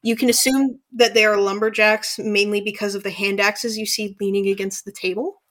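A woman's voice: mid-range voice, flat delivery, fairly quick, a bit bright. A woman running a tabletop game as game master, narrating casually with frequent fillers.

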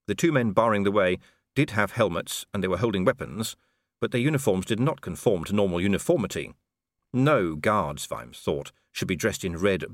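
A man's voice: low voice, no room sound. A man reading an audiobook in a dry, wry storytelling manner. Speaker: audiobook narrator. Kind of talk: scripted narration.

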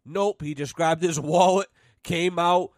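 A man's voice: a little high, steady tone, a little slow, no echo, clean studio sound. A young man from New England hosting a casual podcast, telling a road-trip story full of swearing and laughing in the middle of sentences. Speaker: podcast host.

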